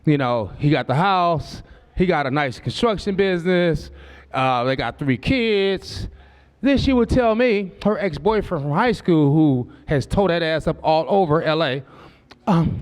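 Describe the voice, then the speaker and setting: A man's voice: a little high, lively intonation, normal speed. A man in his forties doing a profane, loose, conversational stand-up comedy set on a club stage. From Southern California. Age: 40s.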